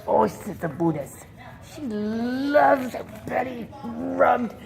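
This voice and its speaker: A woman's voice: fairly high pitch, expressive, slow pace, vocal fry, a little mellow. A woman chatting to her pet bird in a home video, cooing in baby talk with frequent giggles.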